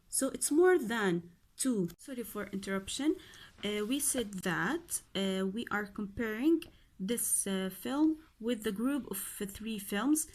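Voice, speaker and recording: A woman English teacher going through a grammar exercise step by step, asking pupils questions as she explains. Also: a little high. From Oman. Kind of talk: recorded grammar lesson.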